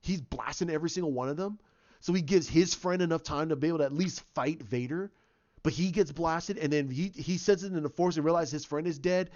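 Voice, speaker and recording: A man giving a casual spoken movie review, excited and rambling, restarting and repeating his words. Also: fairly high pitch, a little fast, highs cut off. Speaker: film reviewer.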